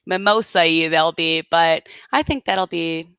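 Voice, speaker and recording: A woman's voice: lowish voice, slow pace, a bit bright, smooth, dry recording, lo-fi sound. A woman hosting a casual livestream chat, giggling often and rambling with lots of fillers. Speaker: livestream host.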